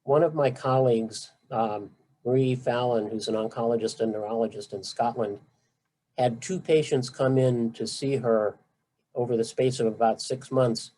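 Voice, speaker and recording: A man's voice: mid-range voice, normal speed, dark tone, poor audio. A middle-aged man, a physician, giving a conversational, emphatic talk on treatment to patients, with asides. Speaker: physician lecturer.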